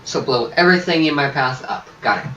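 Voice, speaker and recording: Goofy swearing gamer guy, bright voice, kinda far from the mic in an echoey room. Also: a little high, a little fast, dull audio. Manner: goofy, swearing, talks to himself. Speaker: gameplay streamer. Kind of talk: casual let's-play commentary.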